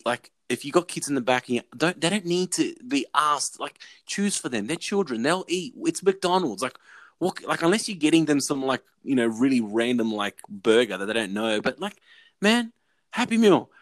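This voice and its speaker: A man's voice: medium pitch, normal speed, dry recording. A young man in casual chat, ranting loosely, swearing and filling his talk with "like".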